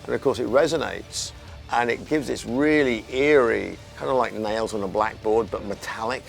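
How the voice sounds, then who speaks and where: A man's voice: lowish voice, normal speed, vocal fry, faint music behind. A middle-aged man with an English accent, telling a story in an interview, acting out what people said and humming the drum parts. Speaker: musician talking about his song. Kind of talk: relaxed anecdotal interview talk.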